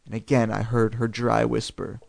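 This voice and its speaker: A man reading a spooky children's storybook aloud, in an expressive, dramatic way. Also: mid-range voice, normal speed, no echo, clean studio sound. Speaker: reader.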